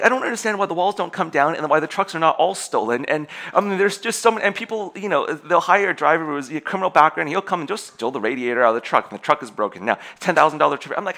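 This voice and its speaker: A young man preaching with a bright, forceful tone set a little high. He talks in an animated way, laughs often and trips into quick restarts. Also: creaky. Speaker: pastor. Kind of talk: sermon.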